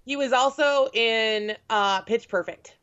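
A woman's voice: a little high, takes it slowly, a bit bright, no room sound. A woman in casual chat, talkative and sarcastic with lots of fillers. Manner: chatty, sarcastic, full of fillers. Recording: dull lo-fi sound, dry.

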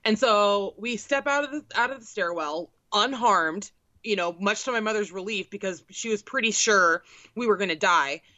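A woman's voice: mid-range voice, moderate pace, pushed and bright, no echo, lo-fi sound. A young woman telling a comedic story in casual, profane, exasperated chat on a podcast. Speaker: storyteller co-host.

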